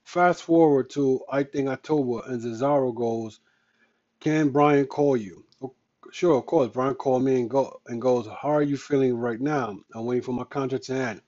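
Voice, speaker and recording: Male podcast host, mid-pitched, emphatic and heated, repeats his points; dull lo-fi recording. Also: moderate pace, darkish tone. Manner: heated, repetitive, emphatic ranting. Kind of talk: casual ranting commentary.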